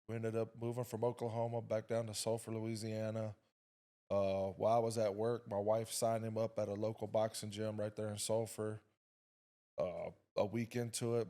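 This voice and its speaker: A middle-aged man speaking as a podcast guest, with a lower voice. He tells his story in a relaxed, easygoing way, dropping "uh" fillers between thoughts. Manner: laid-back storytelling with frequent "uh" fillers. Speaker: guest, boxer's father. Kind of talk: casual interview.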